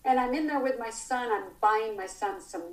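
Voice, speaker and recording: A middle-aged woman telling a story in casual chat. She is animated and acts out the dialogue as she goes. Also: fairly high pitch, normal speed. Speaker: guest storyteller. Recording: roomy echo.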